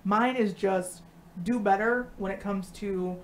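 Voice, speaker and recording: A woman co-hosting a live stream, talking casually and bluntly with lots of swearing and animated storytelling. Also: mid-range voice, a little slow, a little hiss or hum. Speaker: co-host.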